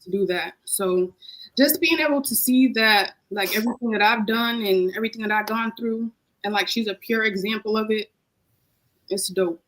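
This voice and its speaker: A woman's voice: medium pitch, moderate pace, a bit bright, poor audio. Emotional young woman, casual heartfelt talk. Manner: emotional, heartfelt, repeats phrases. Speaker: podcast guest. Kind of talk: casual chat.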